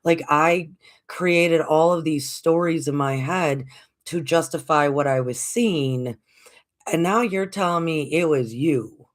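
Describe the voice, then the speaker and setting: A livestream host from the United States, a woman in her forties, shares a story casually in a low-pitched, slow voice. She's animated, performing the quoted voices and laughing frequently.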